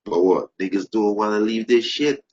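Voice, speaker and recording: A man preaching fervently, repeating phrases, restarting sentences and rising into loud emphasis. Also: lowish voice, normal speed. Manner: repetitive, stumbling restarts, rising to shouted emphasis. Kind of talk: impassioned preaching. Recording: dull lo-fi recording.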